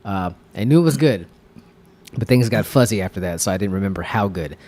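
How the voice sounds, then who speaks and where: A man's voice: lowish voice, expressive, a little fast, darkish tone. Rambling male podcast co-host. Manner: rambling, many fillers and restarts. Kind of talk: casual chat.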